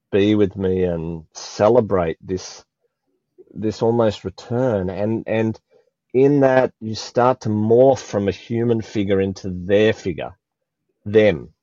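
A man's voice: lowish voice, dark tone, dry recording, highs cut off. An Australian man talking emotionally in a spiritual conversation, often searching for words. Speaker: guest.

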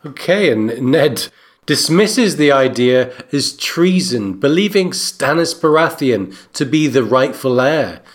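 A man co-hosting a book discussion podcast, narrating and analyzing in a steady way. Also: medium pitch, slow pace. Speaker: co-host.

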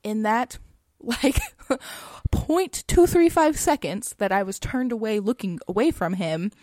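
A woman co-hosting a podcast, telling a personal story in a casual, chatty way, often saying "like" with soft laughs. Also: a little high, expressive, a little slow, no room sound, clean studio sound.

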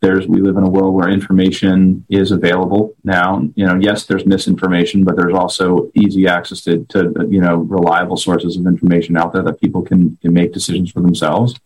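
A man answering as a legal guest in an interview, speaking in a halting, measured way. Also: sits low, completely flat delivery, a little mellow, husky, poor audio. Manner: halting, many fillers and restarts, measured. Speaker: lawyer guest.

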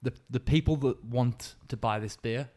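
A man co-hosting a casual podcast, trading quick jokes. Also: mid-range voice, a little mellow. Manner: joking, quick banter. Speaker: podcast co-host. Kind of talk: casual chat.

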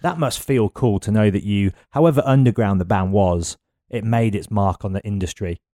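A man with a fairly low voice hosts the interview. He explains things slowly and deliberately. The recording is dry and close, with no room sound. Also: mellow, dry recording. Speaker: radio host interviewer. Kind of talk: casual interview.

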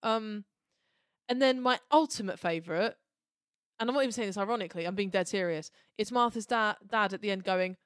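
A woman's voice: clear, resonant tone, no room sound. Chatty woman podcast co-host, dry sound. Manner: animated, jokey, quick to quote lines in high put-on voices. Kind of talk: casual chat.

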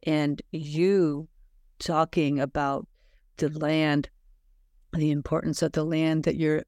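A woman's voice: sits low, little pitch movement, takes it slowly, a little mellow, no room sound, clean studio sound. A middle-aged woman hosting a heartfelt podcast conversation, speaking earnestly and emphatically with spiritual encouragement. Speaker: podcast host.

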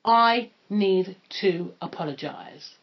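A London woman co-hosts a podcast in casual chat, joking around and slipping into put-on voices. Her voice is medium-pitched and she takes her time. The podcast recording is dull and lo-fi.

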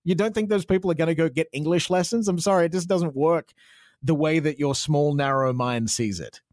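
Brisk and darkish in tone, his fairly high voice belongs to an Australian man in his thirties, a radio presenter being interviewed casually. He talks in a chatty, frank way with many restarts and fillers, recorded at studio quality with no room sound.

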